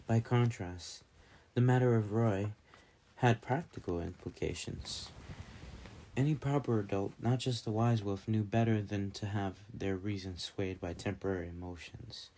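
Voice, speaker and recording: A male narrator reads a fantasy novel aloud in a calm, steady way. His voice is low, very dark and mellow. The reading is even and unhurried. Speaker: audiobook narrator. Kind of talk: fan audiobook narration.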